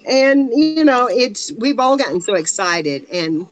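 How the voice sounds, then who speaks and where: A woman talks slowly and unhurriedly in a relaxed live-stream chat, rambling from thought to thought and breaking into laughter now and then. Her pitch sits in a middle range, and her voice comes through a video call. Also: rough recording. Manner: rambling, laughs often, trails off. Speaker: guest on a craft live stream. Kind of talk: casual chat.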